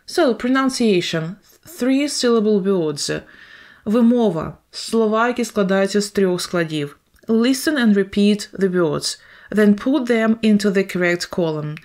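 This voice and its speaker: A woman's voice: medium pitch, expressive, a little slow, darkish tone. English teacher, female, Ukrainian accent, talks through tasks and repeats each instruction in both languages. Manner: explains each step twice, in English then Ukrainian. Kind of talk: explaining a textbook lesson.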